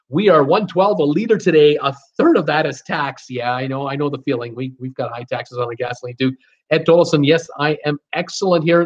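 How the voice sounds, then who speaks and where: A man's voice: mid-range voice, dull audio. A man hosting a live stream, casually reading out viewer names and comments and stumbling over some of them. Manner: casual, chatty, laughs easily. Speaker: host reading live chat.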